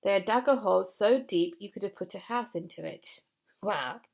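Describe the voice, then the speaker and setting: A woman reading a children's story aloud in a gentle, expressive way, with asides to a puppet. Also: mid-range voice, moderate pace, creaky.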